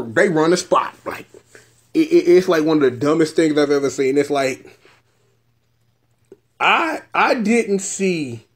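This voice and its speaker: A lively man hosting a casual review vlog, his high voice swinging up and down as he jokes. He slips into silly voices mid-sentence and riffs loosely on the show. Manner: animated, joking, breaks into voices. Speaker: show host reviewing a TV episode.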